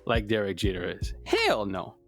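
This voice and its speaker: A man's voice: fairly low pitch, huge pitch swings, moderate pace, fairly bright tone, soft background music. A man co-hosting a sports podcast, ranting in casual, profane, heated chat. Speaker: podcast co-host.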